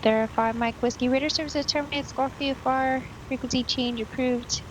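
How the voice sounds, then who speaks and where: Woman, air traffic controller, clipped radio phrasing, higher voice, clear hiss behind. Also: fairly even intonation, moderate pace. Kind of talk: radio ATC calls.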